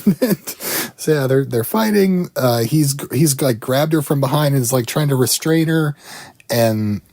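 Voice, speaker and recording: A man co-hosting a casual film podcast in a relaxed, chuckling way. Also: mid-range voice, a little slow, no echo, studio quality. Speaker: podcast co-host.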